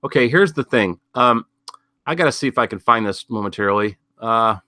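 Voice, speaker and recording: Bright-voiced man rambling through news. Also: mid-range voice, animated, fairly quick, no echo, clean studio sound. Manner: rambling, sardonic, thinking aloud with many fillers. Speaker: podcast host. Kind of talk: casual news commentary.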